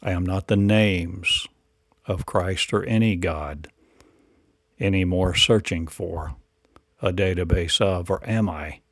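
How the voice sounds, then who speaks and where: A man's voice: sits low, takes it slowly, fairly bright tone, dry recording, studio quality. A man delivering a rambling spiritual monologue in incantatory, repetitive declarations and rhetorical questions.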